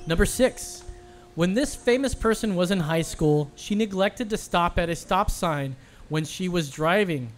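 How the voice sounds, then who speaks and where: A man's voice: high voice, animated, a little slow, over music. A man hosting a casual trivia game with friends, announcing questions and answers with playful game-show flair. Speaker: quiz host. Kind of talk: casual podcast quiz banter.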